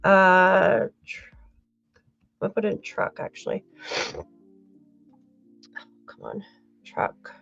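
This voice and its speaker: A woman's voice: mid-range voice, huge pitch swings, very slow, gravelly, long pauses, a bit bright, lo-fi sound, faint music behind. A woman hosting a true crime livestream, talking emotionally and thanking viewers as she rambles. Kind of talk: casual livestream commentary.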